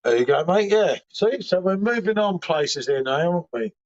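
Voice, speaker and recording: A man's voice: high-pitched, animated, normal speed. A man chatting casually on a beer livestream, sweary and laddish in his banter. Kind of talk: casual chat. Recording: muffled lo-fi livestream audio.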